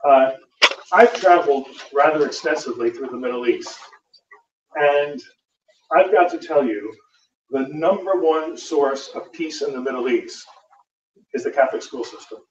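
A man's voice: fairly high pitch, moderate pace, pauses often. Man, american accent, priest telling anecdotes at a conference, dry humor, distant mic, roomy hall. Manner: relaxed storytelling with dry humor and frequent "uh" fillers. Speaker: Catholic priest giving a conference talk. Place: lecture hall. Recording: roomy, distant, dull lecture-hall recording with faint noise.

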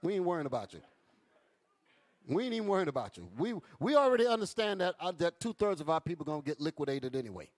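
A man's voice: fairly high pitch, very animated, fast. A man teaching a Bible class in an emphatic preaching style, calling out to his listeners. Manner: emphatic, calls out to the audience.

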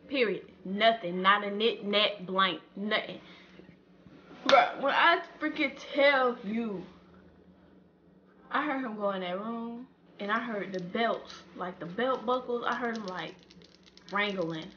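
A young woman in her late teens telling a dramatic storytime vlog in an animated, slangy way. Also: mid-range voice, muffled recording, a little hiss or hum. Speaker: vlogger.

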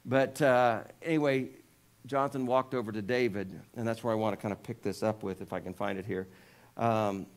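A man's voice: fairly even intonation, normal speed. A male pastor preaching a sermon, retelling scripture in a casual storytelling way with jokes and asides, raising his voice when he quotes the people in the story. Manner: lifts pitch and volume when voicing quoted figures.

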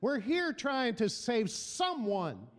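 A man's voice: extremely high pitch, sing-song, takes it slowly, in a large hall. A middle-aged man preaching a sermon as pastor, building emphasis through repeated phrases. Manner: preaching with rising emphasis and repetition.

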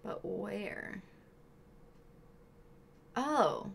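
A woman's voice: medium pitch, lively intonation, extremely slow, vocal fry, a little hiss or hum. A woman streaming herself playing a video game, chatting casually with viewers and friends in the room.

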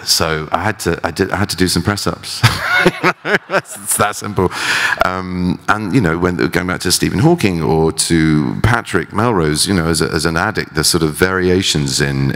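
A man's voice: rumbling low, a bit bright. A male actor talking as a guest at an on-stage interview, with frequent restarts and self-deprecating asides. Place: festival theater stage. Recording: long hall reverb.

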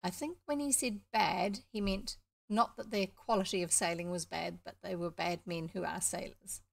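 A woman's voice: fairly low pitch, steady tone, moderate pace, creaky. A woman with a New Zealand accent reading a children's book aloud, stopping for chatty, explanatory asides. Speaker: storybook reader.

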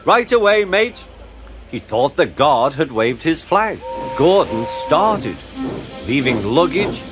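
Male storybook narrator, lively, varied pitch, music underneath. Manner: gentle, expressive storytelling. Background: background music.

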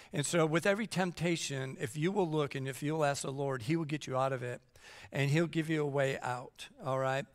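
A middle-aged man preaching a sermon as pastor, joking and acting out whiny kids between Bible readings. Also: on the high side. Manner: jokey, animated, acts out kids whining. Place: church sanctuary. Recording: long church hall reverb.

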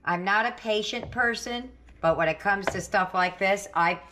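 A woman's voice: medium pitch, moderate pace, bright, forceful tone, a little hiss or hum. A middle-aged woman hosting a home cooking video, chatting and thinking aloud as she cooks. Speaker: cooking channel host. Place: home kitchen.

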